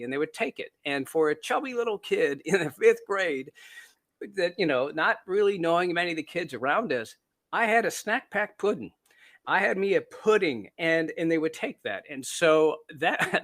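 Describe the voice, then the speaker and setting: A man's slightly high, fairly bright voice carries this casual interview, where the Canadian-born author tells stories. He's talkative and self-deprecating, leaning on fillers and restarts.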